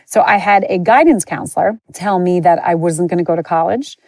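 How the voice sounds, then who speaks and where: A woman hosting a podcast tells her own story in a candid, chatty way, with plenty of "like" and "you know." Her voice sits a little low. The recording is dry and close, with no room sound. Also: brisk, darkish tone, no echo. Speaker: podcast host. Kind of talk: personal storytelling.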